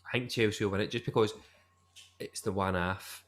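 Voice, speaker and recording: A Scottish man chats and jokes casually, with the odd swear word. His voice is on the lower side. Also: steady tone, brisk, a bit bright. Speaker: podcast co-host. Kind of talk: casual chat.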